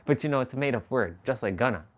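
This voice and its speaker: A man's voice: mid-range voice, lively intonation, rapid-fire. A man hosting a live stream, chatting casually in a rambling, slangy way with chuckling asides. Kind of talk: casual chat.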